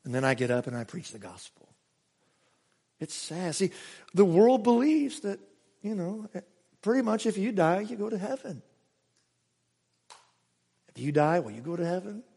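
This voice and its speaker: A male pastor preaching a sermon, emphatic, swinging between raised exclamations and hushed asides. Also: high voice, sing-song, normal speed, creaky, pauses often, husky, big-room sound. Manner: emphatic preaching with sudden rises and hushed drops.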